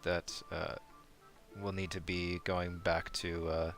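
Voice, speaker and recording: A man playing a tabletop game, speaking in character in a slow, measured way with many fillers. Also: sits low, level tone, fairly bright tone, soft background music. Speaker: player.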